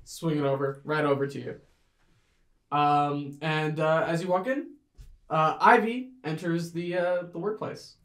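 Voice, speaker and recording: Lady game master narrating, kinda low voice, lots of ums, echoey room. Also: unhurried. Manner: relaxed, many fillers.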